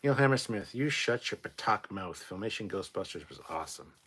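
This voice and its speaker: A man's voice: expressive, brisk, fairly bright tone. A sleep-deprived man hosting a casual late-night livestream, reading out chat and rambling in a tired, mumbling way. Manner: tired, rambling, drops to low mutters.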